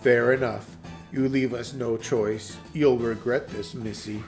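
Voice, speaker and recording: A man's voice: medium pitch, fairly even intonation, a little slow, soft background music, pitched below the performer's own voice, close to an everyday voice. A man voicing a cocky axe-wielding soldier in a game playthrough, threatening in tone. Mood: menacing.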